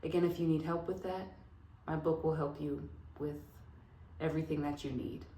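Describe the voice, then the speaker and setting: A woman hosting a casual self-help vlog, talking straight to her viewers with lively, affirming energy and frequent laughter. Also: low-pitched, normal speed. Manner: animated, laughs often, affirming. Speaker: vlog host. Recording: roomy echo.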